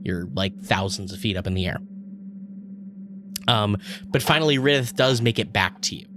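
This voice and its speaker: A man narrating as dungeon master in a relaxed, rambling way with fillers. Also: on the low side, normal speed, background noise. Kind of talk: narrating a tabletop game.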